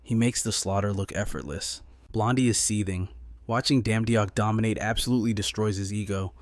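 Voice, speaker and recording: Male recap narrator, lowish, dry close sound, dramatic and urgent. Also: fairly even intonation, brisk, dry recording.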